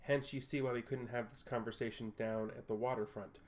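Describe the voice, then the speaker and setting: A man voicing a self-assured wealthy male tech executive who talks in a polished, measured, slightly condescending way in a tabletop game. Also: mid-range voice, steady tone, noisy background, lightly acted. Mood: composed.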